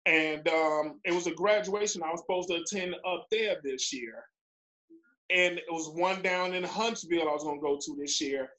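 A man talking casually on a panel about young men he mentors, relaxed and chatty with small hesitations. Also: a little high, normal speed, poor audio. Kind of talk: casual conversation.

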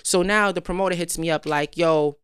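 Young New woman podcast host, animated profane storyteller, clear smooth voice, dry close sound. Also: on the low side, fairly quick, dry recording. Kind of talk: casual storytelling chat.

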